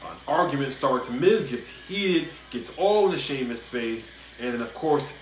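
Man, wrestling review host, casual solo commentary, animated rants, echoey room, faint hiss. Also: mid-range voice, a little slow. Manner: animated, rants and repeats himself when worked up.

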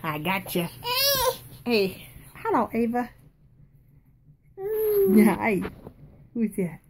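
A woman's voice: medium pitch, animated, measured pace. A young Southern woman with a Southern accent, coaxing her toddlers in a sing-song, playful way while filming them on a bed at home. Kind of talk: home video chat with toddlers. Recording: noisy home phone recording.

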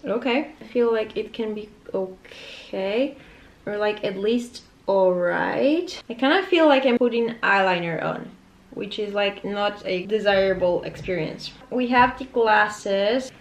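A woman's voice: mid-range voice, unhurried. A woman in her twenties vlogging casually at home, rambling with nervous, self-mocking asides. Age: 20s. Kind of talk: casual chatty vlog. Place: room at home. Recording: echoey room, faint noise.

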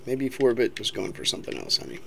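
A woman with a rumbling low, sing-song voice and some vocal fry talks quickly while playing a roguelike, casually teasing and joking with a child. It's let's-play commentary recorded on a laptop webcam mic, with a noisy background.

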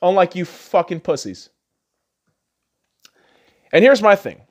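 Male podcast host, furious profane rant, very lively pitch, shouts then mutters. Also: slow pace. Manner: angry, insulting, swings between yelling and muttering.

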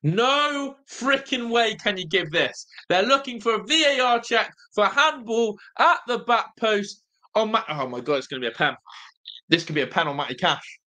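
A young man hosting a live football watch-along, nervous and excitable, groaning low one moment and shouting with joy the next. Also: a little fast. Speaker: fan watch-along host.

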